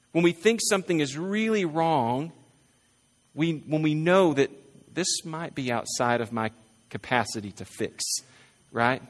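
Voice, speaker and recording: A male pastor delivers a sermon in a loose, conversational manner, checking in with his listeners and circling back over his phrases. His voice sits a little higher than most men's. The sound carries a long reverb from the church hall. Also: fairly bright tone. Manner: conversational, asks "right?" often, repeats phrases. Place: church sanctuary.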